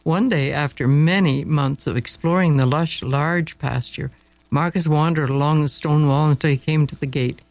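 A man narrating a story aloud, expressive and dramatic, with slow pauses for effect. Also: on the high side, gravelly, no echo, low-quality recording.

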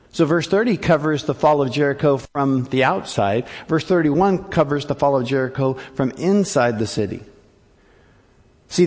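A man pastor delivering an animated sermon and joking with his congregation. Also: mid-range voice, big-room sound.

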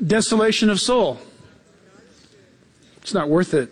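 A man preaching a sermon as pastor, telling stories in an animated way and acting out the quotes, repeating key phrases for emphasis. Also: moderate pace, long reverb tail. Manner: animated storytelling, acts out quotes with jumps in pitch.

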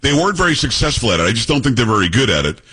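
A man's voice: medium pitch, sing-song, very fast, sharp tone, slightly rough. A man hosting a talk radio show, commenting in a mocking, sarcastic way.

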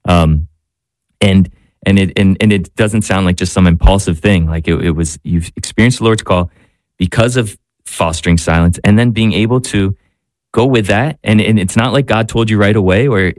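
Male priest guest, low-ish, dry close mic, thoughtful and searching. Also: no room sound. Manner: reflective, searching for words, gentle restarts. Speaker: priest, spiritual director. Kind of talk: radio talk show discussion.

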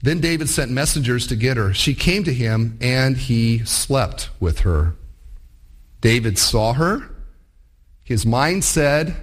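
A male preacher giving a sermon, telling stories in an animated way and acting out the voices he quotes. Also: medium pitch, slow pace.

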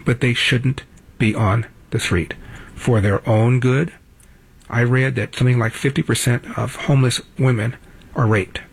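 A man's voice: medium pitch, fairly even intonation, a little slow, slightly rough. A man in his seventies hosting a talk show, delivering a blunt, opinionated monologue in a studio and repeating his points for emphasis. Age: 70s.

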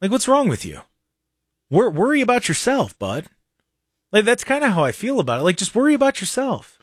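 A radio host riffs on politics with a sarcastic edge, his pitch bouncing up and down as he mocks. His voice sits a bit high for a man. The studio sound is dry and close. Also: a little fast, no echo. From Ohio. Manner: animated, sarcastic, mocking asides. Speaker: radio talk show host. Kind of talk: casual political talk radio.

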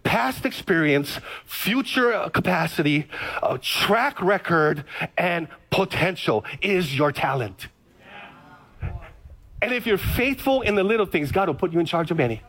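Pastor guy, high voice, chatty storytelling sermon, repeats himself a lot. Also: expressive, measured pace, a bit bright. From Hawaii. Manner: storytelling, conversational with repetitions. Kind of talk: sermon on radio.

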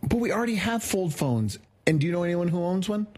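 A man's voice: sits high, expressive, fast talker, a little mellow. A man co-hosting a tech show, teasing and skeptical in casual chat. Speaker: co-host.

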